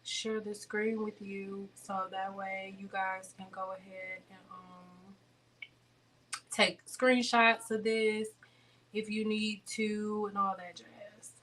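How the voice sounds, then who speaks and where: A woman's voice: mid-range voice, level tone, slow, fairly bright tone, distant mic, slight background noise. A woman hosting a beauty livestream, talking bluntly and preachily to her viewers, repeating her points. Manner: blunt, preachy, fond of repetition. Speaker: beauty channel host.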